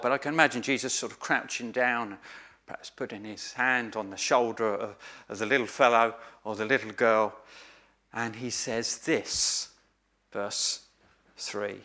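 A man with a fairly high, bright voice preaches an earnest sermon in a forceful tone. He drives home key phrases by repeating them, with small restarts along the way.

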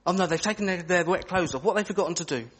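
A man's voice: high voice, very fast, slightly rough. A man leading an interactive children's talk in church, asking the children questions as he goes. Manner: animated, asks children questions.

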